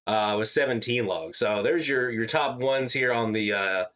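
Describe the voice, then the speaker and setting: A man's voice: mid-range voice, moderate pace. A man hosting a live radio listening stream, talking casually and easygoing with many fillers. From Louisiana. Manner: relaxed, chatty, many fillers.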